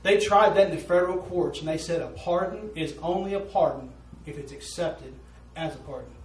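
A man's voice: on the high side, normal speed, slight background noise. A man preaching a sermon, telling a story in an earnest, folksy way. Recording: roomy echo, voice from a distance.

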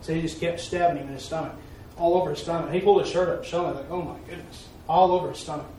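A man's voice: a little high, fairly even intonation, fast, dark tone. A man preaching, telling a mission story in a folksy, repetitive way with emphatic peaks. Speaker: preacher giving a mission report. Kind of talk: sermon storytelling. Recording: echoey hall, far-off mic, faint noise.

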